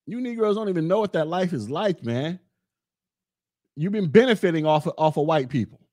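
A man's voice: fairly high pitch, lively intonation, brisk, mellow, no echo, clean studio sound. A man hosting a podcast, talking in a blunt, rambling way straight to his listeners. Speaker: podcast host. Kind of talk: casual monologue podcast.

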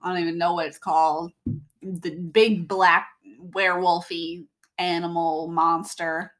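A woman's voice: on the low side, level tone, unhurried, fairly bright tone. Hesitant woman chatting casually. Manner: hesitant, filler-heavy, searching for words. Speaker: podcast co-host. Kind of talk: casual chat.

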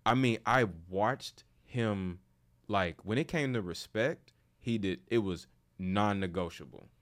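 Deep-voiced man telling stories, slangy. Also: takes it slowly. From St. Louis, USA. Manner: loose and slangy, swings into animated storytelling. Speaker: podcast host. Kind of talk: casual conversation.

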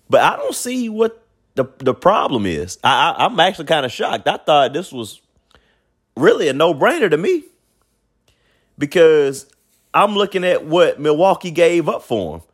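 Male sports show host, high, lively pitch, blunt and colloquial opinion monologue. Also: normal speed. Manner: animated, blunt, colloquial, repeats himself. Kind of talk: opinionated basketball commentary monologue.

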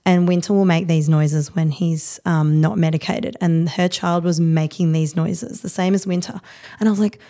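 A woman in her thirties, a podcast guest talking candidly in a rapid, rambling, heartfelt way with many fillers. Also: on the low side, steady tone, mellow. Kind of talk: candid conversational interview.

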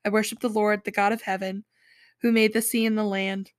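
A woman's voice: mid-range voice, flat delivery, fairly quick, natural voice. A woman voicing a resigned runaway prophet, a grown man admitting his fault.

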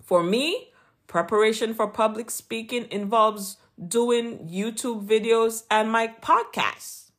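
A woman with a Jamaican accent hosts a podcast, reading an earnest, encouraging Christian motivational talk from a script. Her voice is on the high side and slow.

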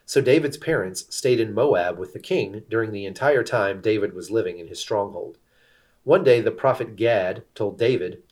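Man reading scripture, measured. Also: on the low side, darkish tone. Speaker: scripture reader. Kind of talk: scripted narration.

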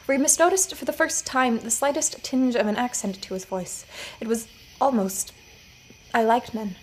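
A woman narrating her own scripted audio fiction story in a measured storytelling manner. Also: on the high side, a little hiss or hum, rough recording. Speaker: writer and narrator.

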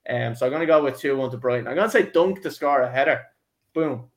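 A man with a voice hosts a loose football podcast, cracking jokes and keeping the chat moving with his mates. His pitch sits in the middle and his manner is casual and laddish. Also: fast talker. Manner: laddish, jokey, addresses co-hosts as lads. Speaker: podcast host.

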